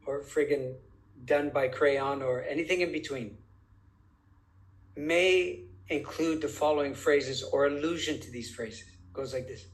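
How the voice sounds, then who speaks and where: The audio is poor, carrying a man's voice on the high side. He's a guest in a conversational interview, pushing his point hard and lingering over phrases deliberately as he asks rhetorical questions.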